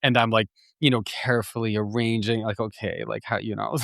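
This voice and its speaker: A man hosting a podcast, telling a story in a chatty, animated way, laughing often and restarting his sentences. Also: lowish voice, a little fast, creaky, dry recording, clean studio sound. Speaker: podcast host. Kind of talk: casual storytelling monologue.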